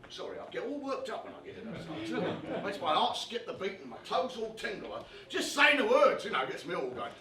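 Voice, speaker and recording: An actor playing a brash, chatty British boxing commentator in an animated one-man stage comedy monologue, talking straight to the audience. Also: sits high, a little fast, hardly any pauses, a crowd in the background. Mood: enthusiastic. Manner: animated, chummy, addresses the audience directly. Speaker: stage performer. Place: theatre stage with a live audience. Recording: roomy live stage recording from far off.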